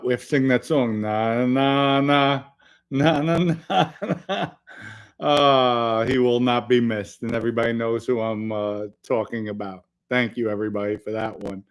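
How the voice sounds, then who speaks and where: Joking middle-aged male live-stream host. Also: mid-range voice. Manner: loose and joking, with sudden loud bursts. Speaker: podcast host reading live chat. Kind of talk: casual live-stream chat.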